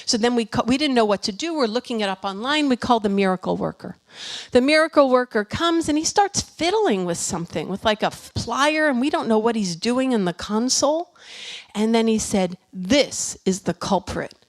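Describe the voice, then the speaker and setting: A middle-aged woman minister telling a personal story in a sermon, animated and chatty, with many fillers and restarts. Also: on the high side, brisk.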